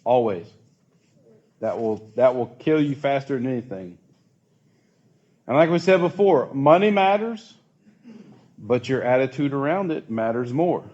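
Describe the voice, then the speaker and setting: A man's voice: mid-range voice, animated, measured pace, long pauses, darkish tone, highs cut off. A man leading a casual church youth group talk, chatty and asking the group questions.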